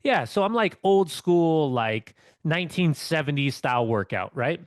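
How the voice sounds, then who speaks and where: A man's voice: fairly high pitch, expressive, unhurried, no echo. Podcast co-host guy rambling through a story, lots of restarts, dry close sound. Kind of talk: casual podcast chat.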